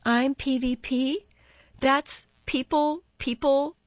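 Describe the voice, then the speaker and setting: A woman's voice: medium pitch, lively intonation, a little slow, no room sound, muffled recording, voice pushed up. A woman voicing a snippy, bubbly teenage girl friend in an audiobook.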